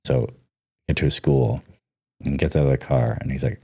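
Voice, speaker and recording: A man's voice: rumbling low, moderate pace, creaky, long pauses, mellow, breathy edge. A man talking as a podcast guest, telling stories in a loose, casual way, full of "like" and the odd swear. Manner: loose, frequent "like", swears freely. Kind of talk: casual storytelling.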